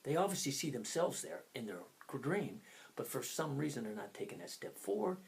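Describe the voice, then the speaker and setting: Very animated and creaky-voiced, this sixty-something man coaches and motivates at a moderate pace in an easygoing, talkative way. He strays onto tangents while his pitch leaps and drops, alternating abrupt loud bursts with near-whispers.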